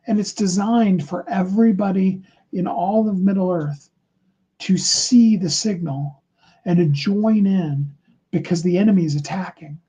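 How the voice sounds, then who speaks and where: A man's voice: sits high, dark tone, slightly rough, highs cut off. A man giving a motivational livestream talk, speaking earnestly and encouragingly to his viewers. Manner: earnest, encouraging, acts out short sample dialogues.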